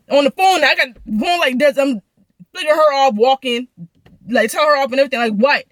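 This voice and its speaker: A woman's voice: sits high, fairly bright tone, no room sound. A young woman venting through a profane, heated storytime rant. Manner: heated, profane, rapid ranting.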